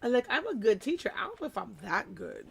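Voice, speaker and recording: A young woman who teaches small children, chatting casually and telling an animated story while she does a craft on a live stream. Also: a little high, quick pace, creaky, slight background noise. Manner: animated storytelling, mimics voices, chatty asides. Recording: soft background music.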